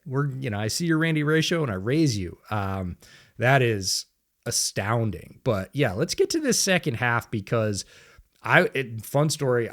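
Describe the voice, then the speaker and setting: Laughing, storytelling male podcast co-host. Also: medium pitch. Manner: storytelling, animated, laughs often. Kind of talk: casual sports chat. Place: home studio.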